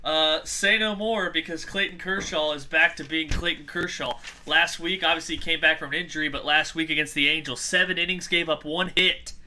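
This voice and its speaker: A man hosting a casual sports betting podcast, moving quickly through the picks and calling on his co-hosts. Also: on the high side, fairly even intonation, bright, forceful tone, a little hiss or hum. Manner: quick, runs the segment order. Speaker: podcast host.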